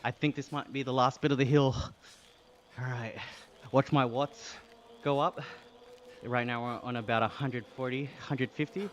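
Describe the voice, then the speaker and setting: A man's voice: mid-range voice, normal speed, long pauses, dull audio, slight background noise. An Australian man streaming live, chatting casually and reading out chat while he cycles, laughing often. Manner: relaxed, chatty, reads chat aloud with frequent laughs.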